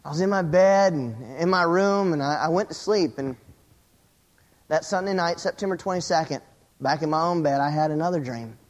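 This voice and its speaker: High-voiced man preaching a story. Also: moderate pace. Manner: storytelling, dropping to a hushed low voice for suspense, rising with excitement; repeats words and restarts phrases. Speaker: pastor. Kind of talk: sermon.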